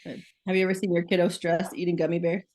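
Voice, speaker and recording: A woman's voice: fairly low pitch, little pitch movement, fast talker, darkish tone. A woman working as a school social worker, giving a casual presentation on a video call, talking in a chatty way with many "like" fillers and questions to the audience. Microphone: video call microphone.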